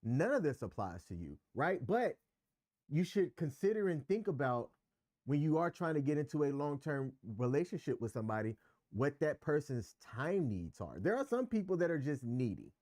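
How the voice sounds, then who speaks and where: A man's voice: on the high side, very animated, normal speed, a little mellow, no room sound. Candid man talking in a dry room. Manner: candid, emphatic, explains at length. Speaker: podcast co-host. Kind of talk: casual relationship chat.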